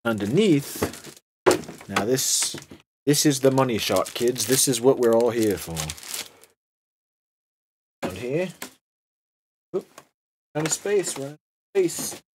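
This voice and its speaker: A man's voice: mid-range voice, expressive, slow pace, long pauses, background noise. A young man hosting an unboxing video, talking in a casual, sarcastic and rambling way.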